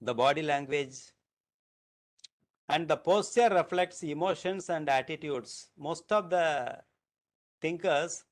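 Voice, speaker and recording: A man's voice: fairly high pitch, slow, long pauses. Man lecturing in Tamil Nadu English. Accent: Tamil Nadu Indian English. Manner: explanatory, restarts sentences, repeats phrases to show stress. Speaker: university lecturer. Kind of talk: recorded lecture.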